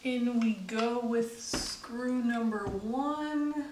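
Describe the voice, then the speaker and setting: A woman's voice: on the high side, extremely slow, heavy background noise. A young woman from Canada narrating a home renovation vlog in a chatty, upbeat way with small laughs. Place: old house, indoors.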